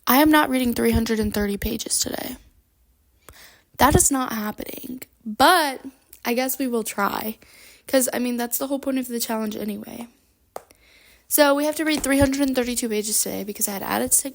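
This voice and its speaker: A woman's voice: on the high side, normal speed, a little hiss or hum. Bubbly young woman vlogging at home. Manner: bubbly, rambling, with fillers. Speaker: book vlogger. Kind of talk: casual chatty vlog. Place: at home, moving between rooms. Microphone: handheld microphone.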